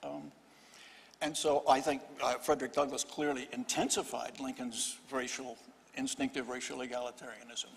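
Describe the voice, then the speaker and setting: An older man on a panel, telling a history story in halting, wry phrases full of restarts. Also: medium pitch, steady tone. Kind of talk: panel discussion. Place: event hall, live panel. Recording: long reverb of a lecture hall.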